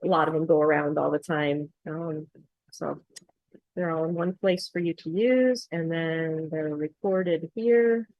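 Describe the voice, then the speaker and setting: Female accent coach, low-pitched, dry close sound, explanatory screen-share walkthrough. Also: measured pace, dry recording, narrow, tinny audio. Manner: explanatory, steady, with frequent ums.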